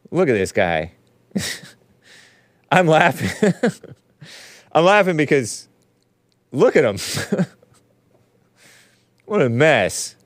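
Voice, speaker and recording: A man's voice: fairly low pitch, smooth, dry recording. A man hosting a talk show, commenting sarcastically in a rambling, casual way, often laughing at his own remarks. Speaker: show host.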